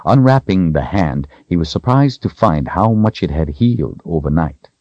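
Deep, expressive male audiobook narrator. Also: normal speed, dry recording, dull audio. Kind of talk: scripted narration.

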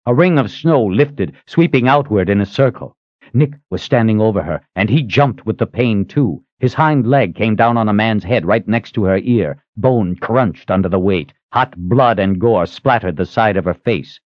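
Low-voiced man narrating a fantasy audiobook. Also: no room sound. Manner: dramatic reading with shifting pace. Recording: slightly muffled dry recording.

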